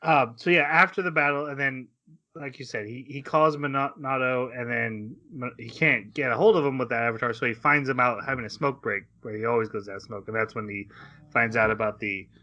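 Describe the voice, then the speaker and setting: This podcast co-host rambles through a casual recap of an anime episode, acting out lines and laughing as he goes. He talks briskly in a medium-pitched, bright, forceful voice, and the audio sounds dull.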